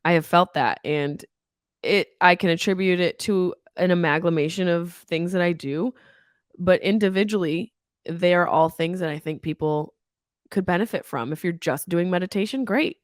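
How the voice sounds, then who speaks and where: A woman's voice: on the low side, normal speed, no room sound, studio quality. A woman in her thirties hosting a podcast, talking candidly with plenty of swearing and comic asides. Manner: candid, profane, animated. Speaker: podcast host. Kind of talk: casual comedic podcast monologue. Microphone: studio microphone.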